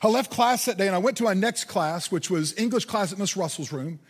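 A man's voice: high-pitched, brisk, breathy edge. A man from Indiana preaching a sermon, telling a personal story and building to earnest emphasis. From Indiana, USA. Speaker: pastor. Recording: hall reverb.

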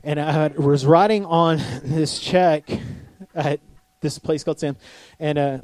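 A man's voice: fairly high pitch, slow pace, a little mellow, no room sound. A middle-aged man preaching a conversational sermon, self-deprecating and often asking the crowd if they are with him. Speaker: pastor.

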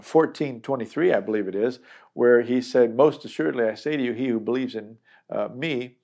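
A middle-aged man with a brisk, medium-pitched voice and a dark tone teaches a Bible chapter. His delivery is conversational and earnest, and he acts out the people he quotes.

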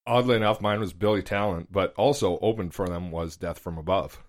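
A man's voice: low-pitched, fairly quick. A man guesting on a podcast in casual chat, dry and joking.

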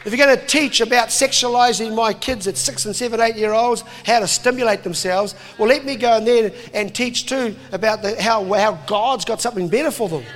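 New man, preaching, animated, high voice, long hall reverb. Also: a little fast, hardly any pauses. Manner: animated, jokey, puts on voices. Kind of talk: impassioned sermon to a crowd.

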